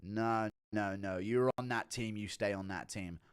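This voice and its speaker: A man's voice: fairly low pitch, fairly even intonation, a little slow, clear, resonant tone. A man from Canada, a streamer joking crudely while reading out donations. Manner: crude, mocking jokes. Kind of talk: casual livestream chat reading donations.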